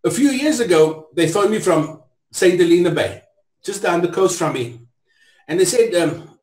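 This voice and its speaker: South African man, middle-aged, high-pitched, preacherly build to emphatic peaks, echoey room. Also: lively intonation, moderate pace, darkish tone. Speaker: interview guest. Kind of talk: impassioned storytelling.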